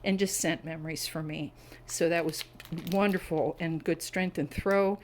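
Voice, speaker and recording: Middle-aged woman, casual home vlog, lowish voice, enthusiastic and chatty, faint background ambience. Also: steady tone, normal speed, slight background noise, rough recording. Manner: chatty and enthusiastic, savoring scent descriptions. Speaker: wax melt reviewer. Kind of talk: casual product review vlog. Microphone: camera on a tripod.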